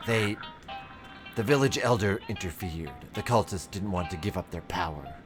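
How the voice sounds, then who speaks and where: A man voicing a calm, commanding ancient spirit who speaks in a solemn, measured way. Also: sits low, music in the background, natural voice. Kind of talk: game character voicing.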